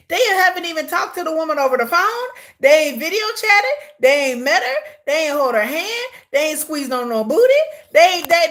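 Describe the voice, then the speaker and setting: Animated high-voiced woman ranting. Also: a little fast, few pauses, slight background noise. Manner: animated, incredulous ranting with frequent repeats and laughs. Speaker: reaction streamer. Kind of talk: casual live-stream commentary.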